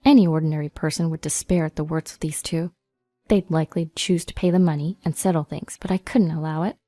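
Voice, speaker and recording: A woman narrating a first-person story in an even, measured reading. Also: deep voice, no room sound, faint music behind.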